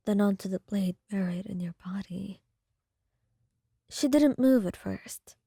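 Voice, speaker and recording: A woman narrating a story in a soft, hushed whispered role-play. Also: mid-range voice, husky, no room sound, studio quality.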